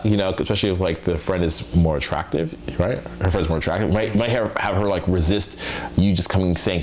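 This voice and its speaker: Young male dating coach, deep voice, relaxed rambling reaction host. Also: a little fast, a little hiss or hum. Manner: loose and chatty, many fillers, acts out quoted lines. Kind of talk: casual reaction commentary.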